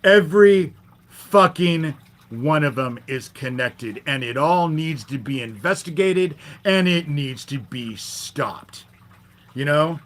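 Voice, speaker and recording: A man in a heated, profanity-laced livestream rant, his voice sitting a bit higher than most men's. He jabs sarcastically at the people in his chat and keeps tacking "you know?" onto the end of his points. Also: lively intonation, slow pace, a bit bright. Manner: irritated, profane, confrontational; sarcastic toward chat commenters. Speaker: livestream host. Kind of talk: live-stream rant.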